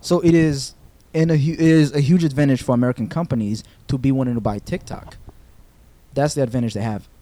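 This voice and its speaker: A young man hosting a podcast, telling a story in casual chat, animated, with swearing and laughter. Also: medium pitch, brisk. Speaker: podcast host. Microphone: podcast microphone.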